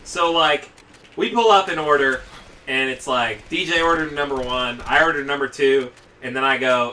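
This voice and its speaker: A man's voice: mid-range voice, normal speed, sharp tone, distant mic. A man telling a long, rambling, profane story during casual gaming commentary. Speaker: let's play commentator.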